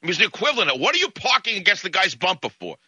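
Animated, indignant radio host man. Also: high-pitched, rapid-fire, breathy edge, no echo, muffled recording. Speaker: radio talk show host. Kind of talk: radio monologue storytelling.

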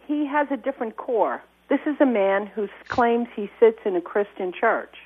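A woman's voice: on the high side, animated, normal speed, husky. A woman calling in to a talk radio show, speaking earnestly and emphatically. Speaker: caller. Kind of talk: call-in conversation. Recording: tinny phone line.

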